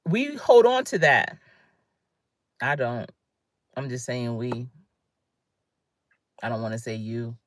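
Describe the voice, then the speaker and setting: Emphatic woman coach with a low voice. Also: expressive, slow, pauses often, no room sound, clean studio sound. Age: 50s. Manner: emphatic, conversational, greets viewers by name. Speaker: career coach. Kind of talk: motivational livestream talk.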